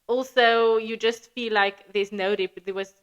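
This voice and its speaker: A South African woman with a flat local accent, a podcast guest chatting casually and acting out her own past thoughts in quick quoted asides. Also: on the high side, clear, resonant tone, highs cut off. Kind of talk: casual conversational storytelling.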